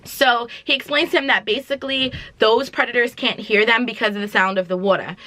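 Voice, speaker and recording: A woman's voice: a little high, steady tone, brisk, sharp tone, no echo. A woman vlogger casually retelling a film plot, with dramatic slang-filled asides. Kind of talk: casual chatty movie recap.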